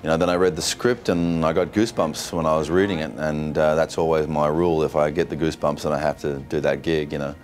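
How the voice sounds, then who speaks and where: A man's voice: a bass voice, steady tone, fast talker, few pauses, faint music behind. A man, an actor reflecting in an interview, speaking with some hesitation. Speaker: actor promoting a film. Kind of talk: casual interview chat.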